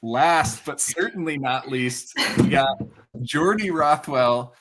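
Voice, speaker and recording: A man's voice: mid-range voice, fairly bright tone, a little hiss or hum. A man hosting a casual live show, joking and hyping up his guests. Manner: joking, fast, playful hype. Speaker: host. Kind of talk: casual chat.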